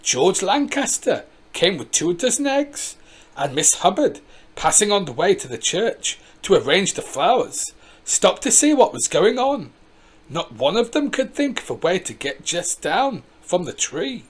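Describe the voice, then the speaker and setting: A reader narrating a children's story aloud in an expressive way. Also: medium pitch, unhurried, husky.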